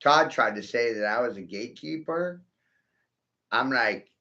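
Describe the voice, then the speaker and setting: A man delivers a sarcastic, profane rant straight to his viewers and needles them with rhetorical questions. His voice is pushed and forceful, climbing and dropping in wide swings, and the recording sounds dull and lo-fi. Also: mid-range voice, expressive, a little slow, long pauses. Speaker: vlogger. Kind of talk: ranting monologue to viewers.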